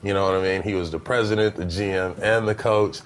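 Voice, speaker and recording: Laid-back man telling stories, low voice. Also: steady tone, quick pace, poor audio. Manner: laid-back storyteller, laughs often, many fillers. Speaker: former basketball player guest. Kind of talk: casual podcast interview.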